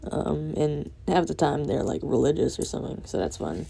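A drowsy young woman ranting late at night, rambling and swearing with soft laughs breaking in. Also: low-pitched, big pitch swings, moderate pace, gravelly, few pauses, husky. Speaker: vlogger.

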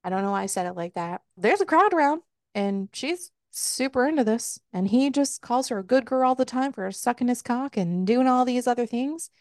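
A woman's voice: fairly high pitch, expressive, normal speed, darkish tone, no echo, studio quality. A woman hosting a casual book club podcast, laughing and candidly retelling scenes with quoted lines. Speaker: podcast host recapping a book.

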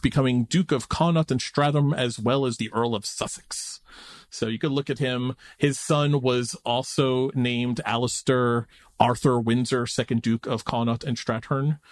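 Podcast co-host, man, mid-pitched, wry and teasing, dry close sound. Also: no echo. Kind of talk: casual chat reviewing a show.

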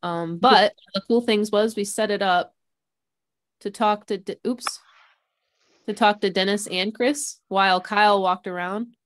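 A woman's voice: medium pitch, steady tone, unhurried, a bit bright, no echo. Chatty woman podcast host, dry sound. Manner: chatty, rambling announcements with restarts. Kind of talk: casual podcast chat with announcements.

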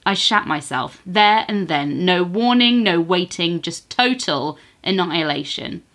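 A woman co-hosting a podcast who chats casually and reads a listener's story aloud with animated, giggly delivery. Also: fairly low pitch, measured pace. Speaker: podcast co-host.

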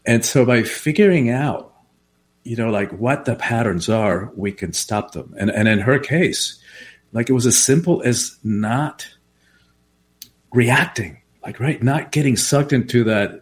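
A man hosting a casual conversation, telling client stories with quick asides. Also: medium pitch, lively intonation.

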